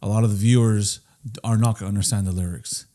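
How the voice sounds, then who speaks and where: A man's voice: fairly low pitch, steady tone, fast, mellow. A man co-hosting a podcast in casual chat, laid-back and profane, calling people bro. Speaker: podcast co-host.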